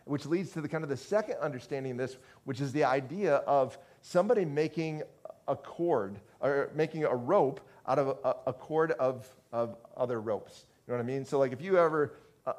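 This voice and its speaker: A man's voice: mid-range voice, darkish tone. Conversational male pastor preaching. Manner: conversational preaching with frequent restarts and asides to the congregation. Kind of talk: sermon.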